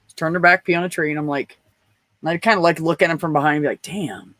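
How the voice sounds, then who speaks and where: A man's voice: a little high, fairly even intonation, rapid-fire, bright, forceful tone, no room sound. A trans man in a casual podcast chat, telling personal stories bluntly and with plenty of swearing. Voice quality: blunt and profane, storytelling. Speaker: podcast guest.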